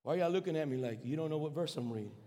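A pastor preaching a sermon in a church, calling out to the congregation and swinging from soft delivery to shouts. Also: male voice, on the high side, expressive, rapid-fire. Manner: impassioned preaching with call-and-response. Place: church sanctuary. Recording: long hall reverb.

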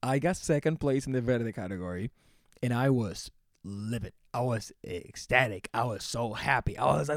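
A young man from the Philadelphia area who co-hosts the show, telling stories in an excitable, animated way, swearing and laughing as he goes. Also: medium pitch, moderate pace, no echo, studio quality. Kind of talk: casual storytelling chat.

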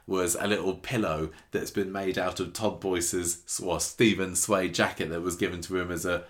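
Male co-host, British, lower register, easygoing chatty recap delivery. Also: steady tone, normal speed. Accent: British English. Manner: chatty, jokey, retells scenes with quoted voices. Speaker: podcast co-host. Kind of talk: casual recap chat.

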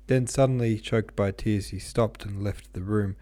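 Man reading a novel aloud, low mellow voice, dry close sound, small slips. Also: steady tone, moderate pace, dry recording. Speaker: audiobook reader. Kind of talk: informal read-aloud of a classic novel.

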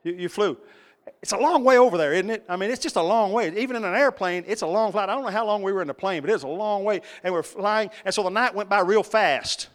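A man's voice: sits high, fast talker. A man preaching a sermon, telling a folksy story with repeats and asides to his congregation. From Texas. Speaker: pastor. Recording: echoey hall with long reverb.

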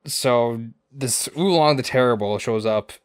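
A man's voice: medium pitch, a little slow, clean tone, no room sound, clean studio sound. A man co-hosting a podcast, recapping an episode in a rambling, crude way full of swearing and asides. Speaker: podcast co-host.

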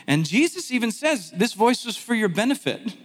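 Man, pastor, casual animated sermon, high voice, long hall reverb. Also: moderate pace. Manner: conversational, animated, self-deprecating asides. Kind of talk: sermon teaching.

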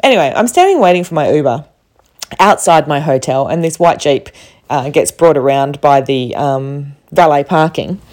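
A woman's voice: sits low, expressive, moderate pace, darkish tone. A woman from Australia with an Australian accent, telling a rambling travel story to camera with many fillers. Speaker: travel vlogger.

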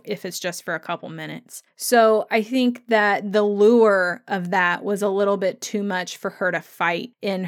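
A chatty woman hosts a podcast, reading listener comments and giving her own take in an easy, conversational way. She laughs often and slips into quick voices to act out moments. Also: medium pitch. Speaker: podcast host.

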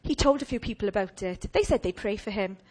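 A woman preaching a storytelling sermon in a comic, animated manner, often mimicking people. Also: medium pitch, fast talker.

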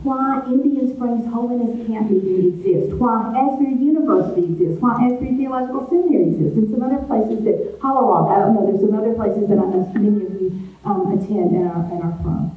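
A woman's voice: mid-range voice, a little fast. A middle-aged woman gives an earnest spoken testimony to a gathering, telling the story and voicing her own lines along the way. Her voice sounds thin and phone-like. It is picked up from a distance in an echoey hall. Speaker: retreat speaker. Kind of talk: testimony sermon. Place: large meeting hall.

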